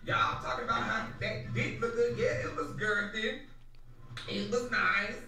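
Man, high voice, sassy gossip host, echoey room, music behind. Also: steady tone, measured pace, pushed and bright, distant mic. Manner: sassy, dramatic, campy slang. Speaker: show host. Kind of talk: gossip commentary.

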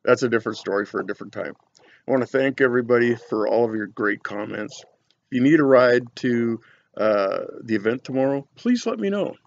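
A man's voice: mid-range voice, animated, fairly quick, lo-fi sound. A man reviewing cigars on his vlog, chatting casually and telling rambling, folksy stories full of fillers.

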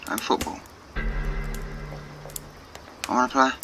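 A man's voice: takes it slowly, bright, forceful tone, soft background music, low-quality recording. Casual man muttering game commentary. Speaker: gaming channel host. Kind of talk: let's play commentary.

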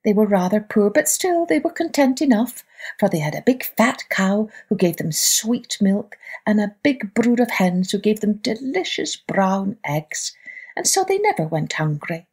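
Lively woman storyteller for children. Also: medium pitch, a little slow, breathy edge. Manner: lively, expressive read-aloud. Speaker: podcast storyteller host.

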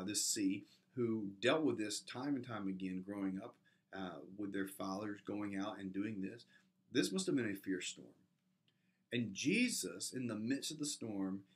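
A man preaching an earnest sermon as a pastor, building to emphatic peaks and often restarting his words. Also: on the low side.

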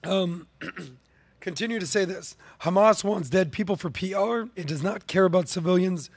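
A man's voice: high voice, moderate pace, breathy edge. A man hosting a podcast, giving an emphatic opinion monologue full of rhetorical questions and ums, with a slight cough. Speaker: podcast host.

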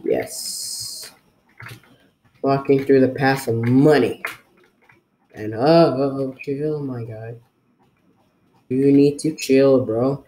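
Young male gamer, casual rambling commentary, slow delivery, put-on unplaced accent for laughs. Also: mid-range voice, dark tone, slight background noise. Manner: rambling, jokey, talks to viewers while playing. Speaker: gaming video creator.

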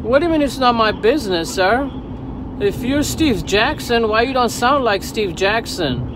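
High-voiced man mocking a caller, noisy background. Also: expressive, normal speed. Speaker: YouTuber taking a scam call. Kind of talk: phone call.

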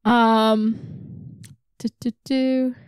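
A woman's voice: on the high side, little pitch movement, a little mellow, clear, resonant tone, no room sound. Chatty woman recapping, dry close sound. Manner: laughing, retells scenes with quick acted quotes. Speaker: podcast co-host. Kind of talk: casual book discussion chat.

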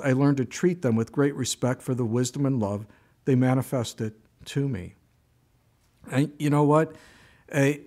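Male pastor, mid-pitched, preaching casually with storytelling asides and strained, high-pitched outbursts. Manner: conversational storytelling, animated asides. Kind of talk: sermon.

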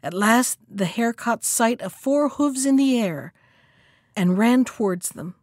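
A woman telling a folktale in a storybook reading voice, bringing some color to each character's lines. Her voice sits a little high. The sound is close and dry, with no room around it. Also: unhurried, dry recording. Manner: expressive, acts out the characters' lines. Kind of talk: storybook read-aloud.

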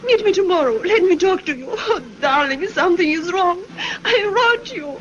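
A woman's voice: very high-pitched, lively intonation, moderate pace, fairly bright tone, dull audio, a little hiss or hum. An actress playing Nana, a fragile young woman who pleads in a tremulous, breathless way, in 1930s film acting on an old soundtrack. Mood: pleading.

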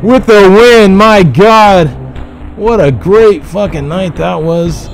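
Excitable high-voiced man calling wrestling. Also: slow, vocal fry, over music. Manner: excitable, profane, shouting calls. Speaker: livestream host. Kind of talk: excited play-by-play wrestling commentary.

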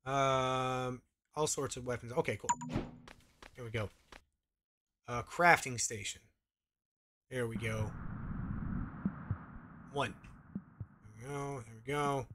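A man's voice: mid-range voice, fairly even intonation, slow, pauses often, background noise. A man playing a video game, giving a casual muttered play-by-play with the odd swear word into a desk microphone. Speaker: gaming channel host. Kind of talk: let's play commentary.

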